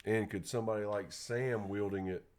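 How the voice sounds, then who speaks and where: A man's voice: on the low side, steady tone, moderate pace, darkish tone. A man co-hosting a live stream, mostly chiming in with short agreeing remarks. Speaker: stream co-host. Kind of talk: casual live chat.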